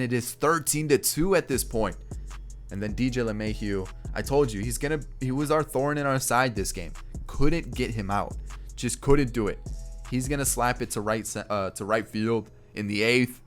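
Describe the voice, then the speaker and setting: A young man, a gaming YouTuber, giving excitable play-by-play commentary on a baseball video game and exclaiming over big plays. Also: mid-range voice. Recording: faint background music.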